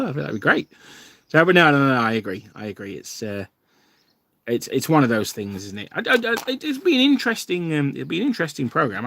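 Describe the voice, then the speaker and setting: A man's voice: medium pitch, a bit bright, no room sound. A man hosting a livestream, chatting casually and rambling with many fillers and restarts. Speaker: wargaming channel host.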